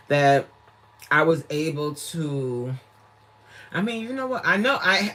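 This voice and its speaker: Animated, chatty woman livestreaming. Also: low-pitched. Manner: animated, laughs often, chatty, reads viewer comments aloud. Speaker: fitness coach. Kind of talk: casual livestream chat. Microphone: tablet mic.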